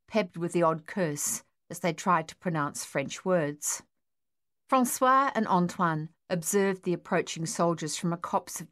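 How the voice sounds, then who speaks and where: Here a lowish-voiced woman delivers scripted narration from a novel. She reads as an audiobook narrator would, evenly and with measured storytelling.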